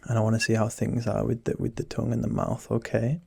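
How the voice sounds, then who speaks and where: A young man whispers quickly in monotone while playing a teasing doctor. His soft, husky voice is low, gravelly-edged, and dark and mellow, captured close and dry on the mic with no echo.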